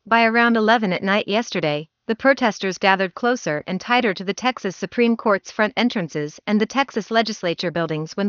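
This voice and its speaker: A woman's voice: mid-range voice, a bit bright, no room sound. Woman news reporter from Canada, formal and wordy delivery, dry and slightly muffled sound. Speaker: field reporter.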